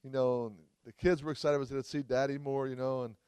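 A man's voice: medium pitch, steady tone, fast, a little mellow, clean tone, no room sound. A man preaching a sermon at a church service, fervent, with frequent cries of hallelujah. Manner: fervent, exclaims hallelujah often. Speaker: traveling preacher.

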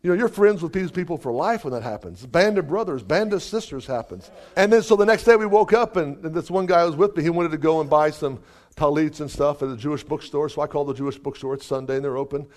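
Animated higher-voiced male preacher. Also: fast. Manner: animated, exclamations of hallelujah, chuckles. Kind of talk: testimony sermon storytelling.

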